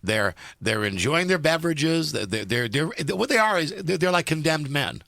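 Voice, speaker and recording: A man's voice: fairly high pitch, expressive, normal speed, creaky, bright, forceful tone, no echo, studio quality. A man hosting a radio talk show, rambling wryly through his list of topics with lots of restarts. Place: radio studio. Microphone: studio microphone.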